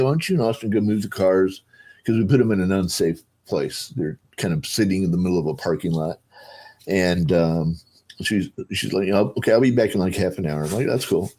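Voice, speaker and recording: Middle-aged man, lowish voice, rambling animated storyteller with fillers. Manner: rambling, animated, acts out voices in his retelling. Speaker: panelist. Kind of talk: casual storytelling on a video call panel.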